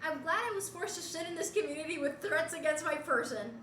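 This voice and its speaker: A woman's voice: high-pitched, expressive, fairly quick, distant mic, background noise. A young woman from Puerto Rico chatting casually with her viewers on a bedroom stream, giggly and talkative as she answers chat. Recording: roomy bedroom, voice away from mic.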